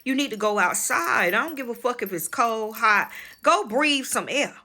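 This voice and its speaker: A woman's voice: on the high side, animated, moderate pace, sharp tone. A married woman with children hosting a spiritual channel, telling a personal story in a casual vlog, frank and emphatic, speaking to viewers as y'all and swearing freely. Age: adult, married with children.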